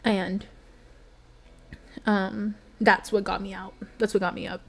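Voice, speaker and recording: A woman's voice: mid-range voice, level tone, takes it slowly, creaky, fairly bright tone. A young adult woman streamer reading a bedtime story and chatting with her viewers, earnest and emotional.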